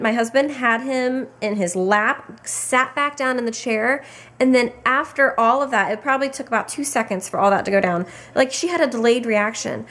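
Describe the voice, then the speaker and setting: A young woman telling a pregnancy story to the camera in a loose, chatty way, full of fillers and acted-out quotes. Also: on the high side. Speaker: pregnant mother vlogging her pregnancy. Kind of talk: casual chat.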